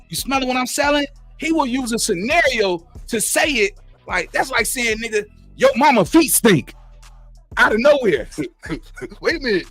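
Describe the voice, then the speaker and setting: A man giving animated reaction commentary on a clip, talking in repetitive, profane street slang. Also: very high voice, no room sound. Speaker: commentary host.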